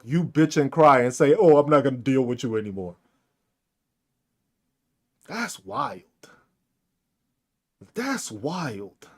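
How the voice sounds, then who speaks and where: Loud mocking male podcast ranter. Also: sits high. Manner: mocking, profane, laughs often. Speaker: podcast host. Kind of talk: ranting commentary on comments.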